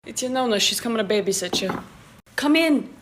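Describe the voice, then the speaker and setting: A woman's voice: mid-range voice, fast talker. Woman, comedy skit, dry teasing delivery, faint background hiss. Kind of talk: comedy skit, playing several characters.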